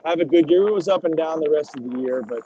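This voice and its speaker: A middle-aged man, a former drag racer, telling animated and salty stories as a podcast guest. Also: on the high side, quick pace, a little hiss or hum. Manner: animated, swears freely, acts out quotes. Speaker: retired drag racing driver as podcast guest. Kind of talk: casual storytelling interview. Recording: dull lo-fi audio.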